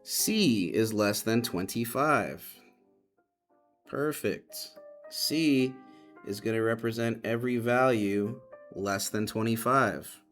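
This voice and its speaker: A man's voice: medium pitch, slow, a bit bright, faint music behind. A man teaching math, patiently explaining and repeating key points to his students. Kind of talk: classroom lesson explanation.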